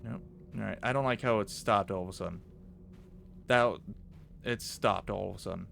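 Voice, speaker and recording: A man commentating as he plays a horror game, jumpy and animated, swearing under his breath at scares. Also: on the low side, normal speed, gravelly. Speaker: gaming YouTuber.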